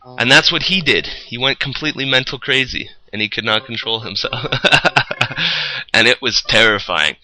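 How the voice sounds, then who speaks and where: A man's voice: mid-range voice, moderate pace, low-quality recording. A young man telling a rambling, profane story about his job as a roofer, in casual chat. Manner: rambling, profane, animated retelling.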